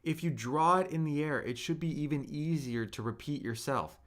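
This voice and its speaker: A man's voice: a little high, moderate pace, a bit bright. A man teaching a live language lesson, patiently repeating each point and modelling spoken tones for his viewers. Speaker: Mandarin teacher.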